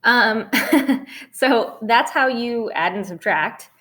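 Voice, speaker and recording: A woman's voice: a little high, takes it slowly, sharp tone. A woman math teacher recording a chatty, upbeat tutorial, talking students through calculator steps and cheering "ta-da" at each result.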